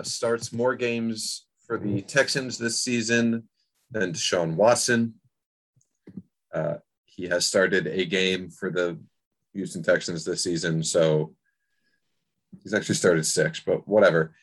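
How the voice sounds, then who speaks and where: Deep-voiced laid-back man chatting sports. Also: slow pace. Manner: laid-back, wry, hesitant with fillers. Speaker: podcast co-host. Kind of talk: casual sports chat.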